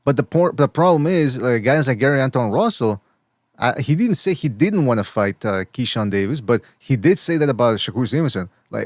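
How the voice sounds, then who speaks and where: A man's voice: mid-range voice, animated, fairly quick, no echo. Man rambling through boxing talk, dry sound. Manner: rambling, repeats words, many restarts. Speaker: podcast host.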